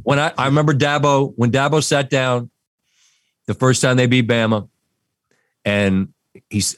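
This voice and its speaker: A man's voice: mid-range voice, dry recording. A middle-aged man hosting a casual sports talk show, earnest and direct, addressing listeners plainly. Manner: earnest, direct, preachy in asides. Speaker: host.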